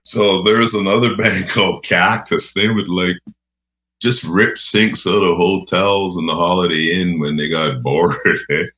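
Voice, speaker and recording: Guest: very low-voiced man, unhurried, chuckles through goofy stories. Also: fairly even intonation, fairly bright tone. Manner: laughing, rambling anecdotes, says "eh". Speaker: radio host guest. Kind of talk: casual storytelling.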